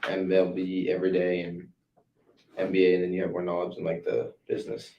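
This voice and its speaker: A man's voice: sits low, monotone, a little fast, muffled recording. A young man co-hosting a sports podcast, laid-back and offhand in casual chat. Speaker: podcast co-host. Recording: echoey room, distant mic, faint noise.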